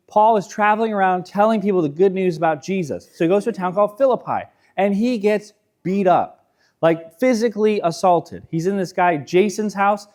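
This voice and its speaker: A man's voice: high-pitched, darkish tone. A male pastor in his thirties preaching a sermon in a casual, self-deprecating storytelling way, acting out quotes.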